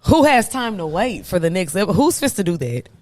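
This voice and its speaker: A young woman hosts a casual podcast chat at an ordinary pitch. She talks in an animated, emphatic way and swears freely. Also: brisk. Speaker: podcast host.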